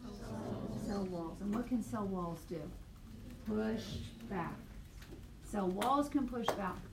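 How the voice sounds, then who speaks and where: A woman biology teacher lecturing a class, quizzing students with quick questions, recorded on a tablet mic across the classroom. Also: mid-range voice. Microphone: tablet mic from across the room. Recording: echoey classroom, distant mic, faint noise.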